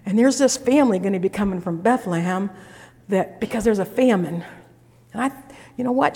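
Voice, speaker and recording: A woman's voice: medium pitch, a little fast, warm tone. Middle aged woman preaching, chatty folksy storyteller, lots of echo in the hall. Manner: folksy conversational storytelling with restarts. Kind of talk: sermon. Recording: echoey hall reverb.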